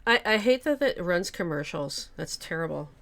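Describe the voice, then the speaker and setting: A woman's voice: fairly low pitch, animated, normal speed, fairly bright tone. A woman player in a tabletop game stream, chatting casually, laughing and apologetic. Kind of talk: casual chat.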